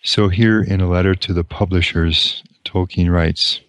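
A man lecturing, reading from a novel and commenting on it in a measured, reflective way, sometimes restarting a sentence. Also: sits low, steady tone, a bit bright, dry recording.

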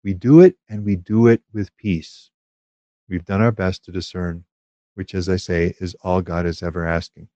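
A man giving a measured, thoughtful teaching talk on prayer, pausing often with hesitations. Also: sits low, fairly even intonation, warm tone, no room sound, lo-fi sound. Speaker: Catholic spiritual teacher.

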